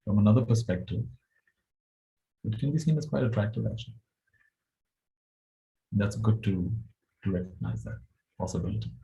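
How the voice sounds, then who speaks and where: A male spiritual teacher giving a gentle dharma talk, chuckling as he tells stories. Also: fairly low pitch, moderate pace, creaky, pauses often, lo-fi sound.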